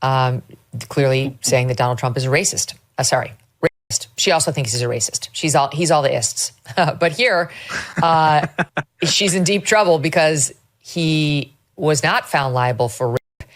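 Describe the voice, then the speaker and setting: A woman hosting a political talk show, speaking in an animated, emphatic way. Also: deep voice, moderate pace.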